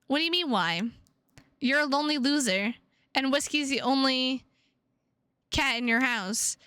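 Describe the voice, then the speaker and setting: A curt, possessive young man delivers scolding lines from a visual novel, read aloud by a woman who keeps close to her own voice. His speech is clipped, high and bright, clean and close with no room sound. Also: measured pace, smooth, dry recording. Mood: cold.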